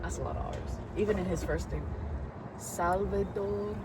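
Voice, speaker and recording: A woman's voice: fairly low pitch, fast talker, very noisy. A woman co-hosting a casual wrestling review, bantering playfully with her co-host. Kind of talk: casual chat.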